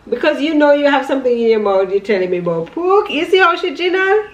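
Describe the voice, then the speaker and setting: A woman's voice: high-pitched, very animated, fast talker, muffled recording. A woman, a mom talking casually to her toddler in a home vlog, playful and coaxing with frequent laughter. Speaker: vlogger mom. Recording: echoey room, faint background noise.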